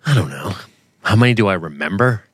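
A man's voice: low-pitched, animated, a little fast, no echo. A man co-hosting a podcast in casual chat, wry and rambling, often poking fun at himself. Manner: wry, rambling, self-deprecating. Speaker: podcast co-host.

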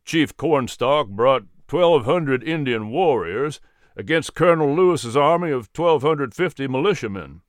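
An actor voicing a sober colonial militia colonel in a historical audio drama, mid-pitched and steady. He recounts and asks with measured earnestness, recorded dry and close. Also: no room sound, lightly acted.

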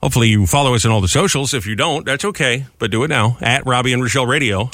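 A man hosting a radio talk show, upbeat and quick to laugh. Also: medium pitch, a bit bright, dry recording, studio quality.

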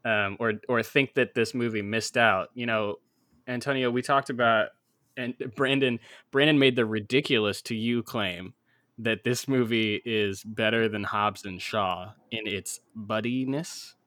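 A man chatting on a podcast in a bright, forward voice. He rambles with plenty of "um"s and restarts, and the sound is close and dry, with no room around it. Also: on the low side, unhurried, dry recording. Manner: rambling, many fillers and restarts. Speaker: podcast co-host. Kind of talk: casual chat.

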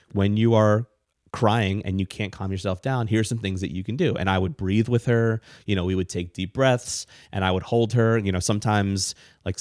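A middle-aged man co-hosting a casual podcast, explaining ideas in a rambling, animated way with frequent restarts. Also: fairly low pitch, no room sound, clean studio sound. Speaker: podcast co-host, parent.

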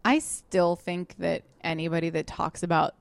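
A woman co-hosting a casual chat show, rambling and animated and mimicking other people for laughs. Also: on the low side, normal speed, creaky, no echo. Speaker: podcast co-host. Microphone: studio microphone.

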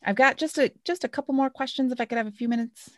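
A woman's voice: high-pitched, fast talker, no room sound, clean studio sound. A woman hosting a podcast interview, speaking in a reflective way with many fillers. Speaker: podcast host. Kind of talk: conversational interview.

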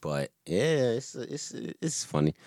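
A young man in casual anime chat, laid-back and laughing often, with lively impressions. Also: medium pitch, slow, no room sound, studio quality. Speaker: podcast co-host.

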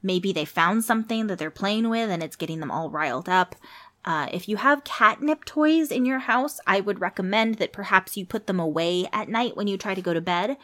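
A woman's voice: medium pitch, lively intonation, normal speed, fairly bright tone. A woman who works at a cat hospital, hosting a podcast and chatting informally through pet questions. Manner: chatty, explanatory, with fillers and asides. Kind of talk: casual informational podcast monologue.

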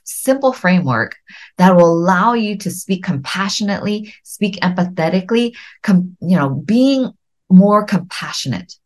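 A middle-aged woman hosting a podcast, giving earnest, gentle coaching and slowing down to stress key words. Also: fairly low pitch. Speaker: podcast host.

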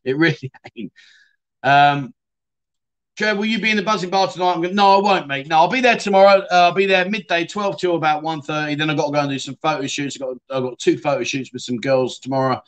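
Bloke reading out chat on his livestream, slightly high voice, says mate a lot. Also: fast, fairly bright tone. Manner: chatty, swears, frequent "mate". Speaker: livestream host. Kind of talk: casual chat reading viewer comments.

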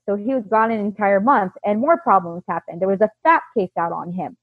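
A woman's voice: mid-range voice, a little fast, breathy edge, dry recording. A woman in her thirties, telling her own story in casual talk and acting out the quoted dialogue with animation. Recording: dry, tinny phone-like line.

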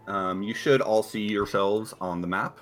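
A man narrating as game master in a relaxed, filler-heavy manner. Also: lowish voice, unhurried.

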